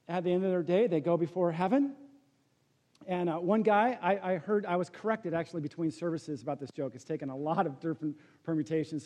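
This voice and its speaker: Pastor guy preaching, pretty high voice, tells jokes then goes quiet and serious. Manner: storytelling with jokes, swings from loud to hushed. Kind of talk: sermon.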